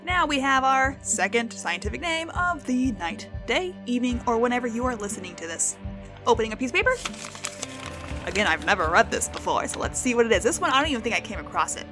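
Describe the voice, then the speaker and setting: A young woman from the United States hosts a casual solo podcast over music, talking fast in a fairly high, animated voice. She's playful and self-mocking whenever she stumbles over her words.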